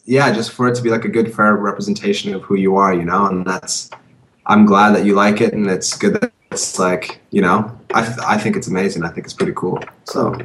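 A man's voice: lowish voice, fairly even intonation, a bit bright. Man, casual chat, easygoing, stammers a bit, roomy echo, faint noise. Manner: easygoing, halting, repeats words. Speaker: documentary editor.

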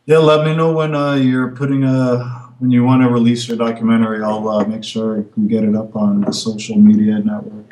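A man hosting a casual chat, friendly and loose, talking in quick bursts. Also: mid-range voice, flat delivery, warm tone, reverberant, a little hiss or hum, poor audio. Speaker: show host.

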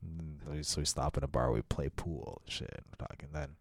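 A man's voice: a bass voice, moderate pace, gravelly, no room sound, studio quality. A man casually telling a long anecdote, swearing freely and acting out the people in it. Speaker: storyteller. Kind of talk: casual chat.

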